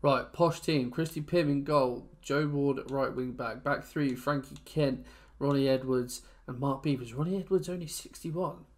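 Young man from England, gameplay commentary, rambling, emotional, mid-pitched voice, swings from muttering to shouting. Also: measured pace, few pauses. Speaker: gaming YouTuber.

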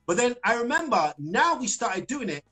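Chatty high-voiced man telling stories. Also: big pitch swings, moderate pace, pushed and bright, faint music behind, poor audio. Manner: chatty storyteller, laughs often, repeats phrases. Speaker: singer, interview guest. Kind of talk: casual interview over a live stream. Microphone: video call.

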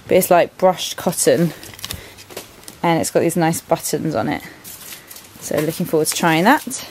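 A woman's voice: low-pitched, a little slow, slight background noise, poor audio. A woman in her twenties with an English accent, chatting casually in a vlog at home, rambling with plenty of ums and likes as she shows her clothes. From England. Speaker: vlogger. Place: bedroom at home.

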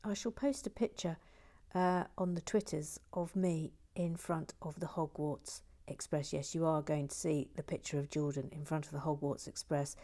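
A woman's voice: low-pitched, fairly even intonation, moderate pace, mellow. A woman chatting casually as she builds toys, with wry, playful remarks and frequent whispered asides. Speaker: host. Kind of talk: casual narration of a toy build.

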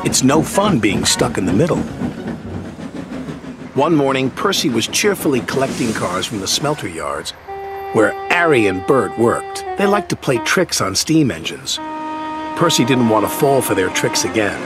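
A man narrating a children's storybook cartoon in an expressive storytelling manner. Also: mid-range voice, moderate pace. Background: music.

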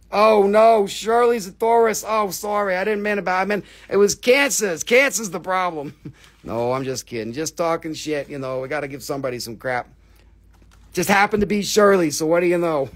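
This is a man running a live stream sale of stones and amber. His voice sits high, and his patter is playful and teasing, laced with casual swearing. He quotes deals quickly in non-native English phrasing. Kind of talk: joking live sales pitch.

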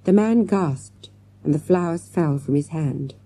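A woman's voice: sits low, a little slow, husky. A woman narrating a children's storybook, voicing the characters as she goes. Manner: lively, acts out character lines. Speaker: audiobook narrator.

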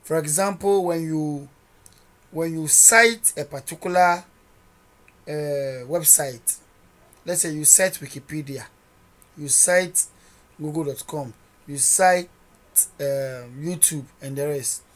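Coding tutor, measured slow delivery, narrates each edit aloud, quizzes listeners with rhetorical questions. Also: medium pitch, a bit bright. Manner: narrates each editing step as they go. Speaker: coding instructor. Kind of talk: screen-recorded coding tutorial.

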